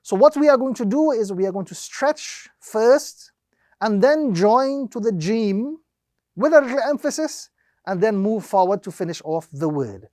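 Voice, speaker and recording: A man teaching Quran recitation, explaining each rule slowly and step by step, drawing out the example words and repeating the steps methodically. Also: high-pitched, lively intonation, a little mellow, no room sound, clean studio sound. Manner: slow, deliberate explanation with drawn-out demonstrations. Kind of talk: instructional lesson.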